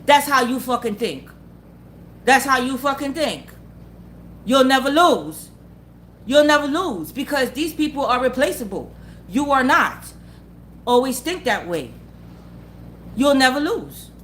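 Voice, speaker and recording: A woman's voice: high voice, lively intonation, normal speed, fairly bright tone, a little hiss or hum. A woman giving a blunt, profane motivational talk. She repeats her points and keeps asking the listener whether they follow. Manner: asks the listener for agreement again and again. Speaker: motivational vlogger. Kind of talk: unscripted motivational rant.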